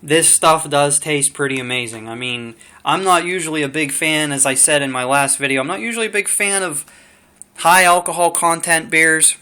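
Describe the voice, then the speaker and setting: A young man chats loosely through a beer review in a room at home, filling his sentences with fillers and side stories. His voice sits a little high and sounds bright and forward. The sound comes from a simple camera mic. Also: moderate pace. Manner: rambling, chatty, lots of fillers. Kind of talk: casual home video review.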